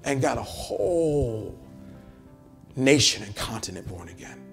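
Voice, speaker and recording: Male pastor, impassioned sermon delivery with a wide, lively pitch and repeated phrases. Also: measured pace, creaky, faint music behind. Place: church service in a hotel venue.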